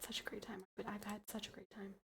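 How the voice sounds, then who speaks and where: A tipsy young woman hosting a livestream, chatting in a rambling, playful way that trails into soft mumbles. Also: mid-range voice, level tone, fast, gravelly, a little hiss or hum. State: tipsy from wine. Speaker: livestream host. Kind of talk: casual chat to stream viewers.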